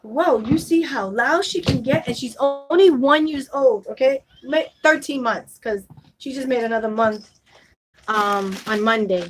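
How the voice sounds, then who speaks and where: Home vlogger mom, slow and high, coaxing baby talk, casual chat. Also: female voice, a little hiss or hum, low-quality recording. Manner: coaxing baby talk mixed with chatty asides to viewers. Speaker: vlogger and mother.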